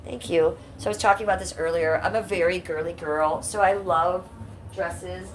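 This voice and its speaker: A woman's voice: fairly low pitch, steady tone, moderate pace, slight background noise. A woman from Ohio streaming live from home, chatting with her viewers in a blunt, brash, profane way. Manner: chatty, talks straight to chat. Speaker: livestreamer. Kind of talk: casual livestream chat with viewers.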